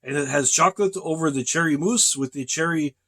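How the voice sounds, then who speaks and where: Rambling deadpan man, slightly high voice. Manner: slow, rambling, deadpan, calls listeners brother and man. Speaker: vlogger in character. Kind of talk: rambling comic monologue. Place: truck cab on a driving break.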